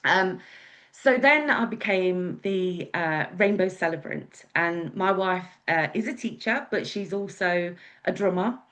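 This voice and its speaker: A woman's voice: fairly low pitch, expressive, unhurried, a bit bright. A woman with an English accent, telling her life story as a guest speaker in a chatty, meandering way with many fillers. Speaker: guest speaker, wedding celebrant. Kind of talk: casual storytelling talk.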